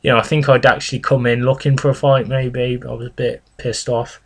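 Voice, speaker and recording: A young man, telling his own experiences in a vlog in an earnest, halting way, full of "you know" and "sort of". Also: mid-range voice, flat delivery, creaky, husky. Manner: earnest and reflective. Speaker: vlogger. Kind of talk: personal confessional vlog.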